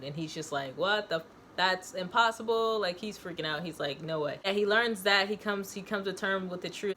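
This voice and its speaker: A woman's voice: mid-range voice, sharp tone, a little hiss or hum. A woman giving a casual, chatty video review and reading, talking loosely with slang. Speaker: book reviewer and author.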